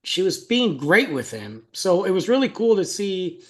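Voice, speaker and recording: A man's voice: high-pitched, sing-song, moderate pace. A young adult man, a podcast co-host, telling a story in casual chat, acting out quotes and laughing often.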